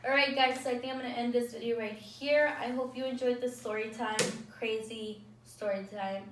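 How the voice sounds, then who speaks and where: A woman's voice: on the high side, moderate pace. Chatty young woman telling a story in an echoey room. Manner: animated retelling with lots of "like". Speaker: vlogger. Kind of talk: casual storytime chat. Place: indoors, eating at a table. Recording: echoey room from a distance with some noise.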